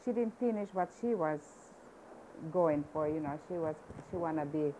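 A woman's voice: low-pitched, moderate pace. An older woman from Hawaii telling family stories in a plain, rambling way during an oral history interview. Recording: faint background hiss.

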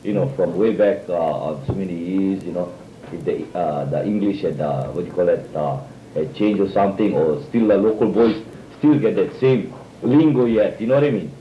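A man's voice: sits low, moderate pace, highs cut off, a little hiss or hum. Man chatting in Hawaiian Pidgin, roomy recording. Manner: animated, acts out quoted speech, many fillers. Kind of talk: casual storytelling among friends.

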